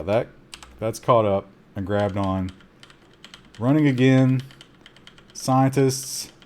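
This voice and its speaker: A man streaming a survival game, giving live commentary with excitable gasps between calm asides and talking to his chat. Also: mid-range voice. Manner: talks to chat.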